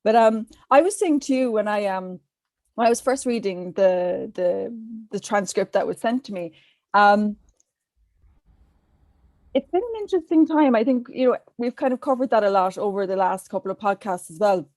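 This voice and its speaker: A woman's voice: medium pitch, lively intonation, normal speed, darkish tone, no room sound. Irish-born woman asking rambling questions. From Ireland. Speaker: guest interviewer. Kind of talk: casual podcast chat.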